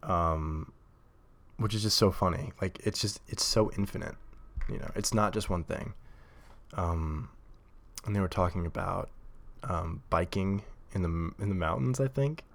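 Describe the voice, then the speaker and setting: A man hosts his own casual solo podcast from a home recording setup at a table, talking into a desk mic. His low voice is unhurried with vocal fry, and he rambles with lots of fillers and frequent laughs.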